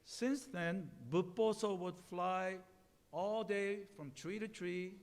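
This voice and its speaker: A man tells a children's-style tale during a sermon, hesitant and slow, restarting words as he explains. His voice sits fairly high. His words ring out in a temple hall with a long reverb trailing behind them. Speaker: minister. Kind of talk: sermon storytelling.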